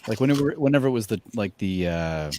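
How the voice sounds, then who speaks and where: A man's voice: fairly low pitch, lively intonation, fast talker, background noise. A man chatting as a guest, speaking thoughtfully and often restarting his sentences. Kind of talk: casual chat.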